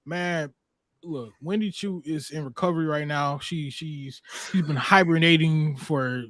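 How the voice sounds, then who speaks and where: A man's voice: fairly high pitch, measured pace, a bit bright, no echo, studio quality. A man co-hosting a casual wrestling podcast, swearing freely, laughing and stammering through restarts. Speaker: podcast co-host.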